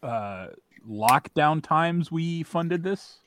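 A man's voice: a little high, expressive, extremely slow, a bit bright, a little hiss or hum. A man about forty co-hosting a casual podcast, dry and teasing, swearing often. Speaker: podcast co-host. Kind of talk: casual chat.

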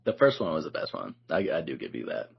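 A man co-hosting a podcast in casual chat, relaxed and loose, says "like" a lot and laughs often. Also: rumbling low, fast, gravelly, slightly rough, muffled recording. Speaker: podcast co-host.

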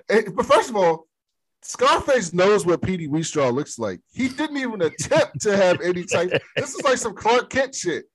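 A man's voice: high-pitched, sing-song, a little slow, husky. A man co-hosting a podcast, casually recapping a film scene by scene with frequent laughter and swearing. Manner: laughing, profane storytelling. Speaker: podcast co-host. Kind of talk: casual movie recap chat.

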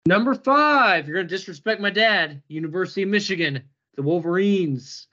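A man's voice: high-pitched, brisk, fairly bright tone, lo-fi sound. A man hosting a podcast in casual chat, joking and laughing often as he talks. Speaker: podcast host.

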